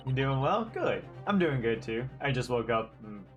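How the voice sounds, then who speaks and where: A man's voice: mid-range voice, very animated, moderate pace, soft background music. A man streaming a game, chatting casually and rambling with lots of fillers and giggles. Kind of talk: casual live-stream commentary.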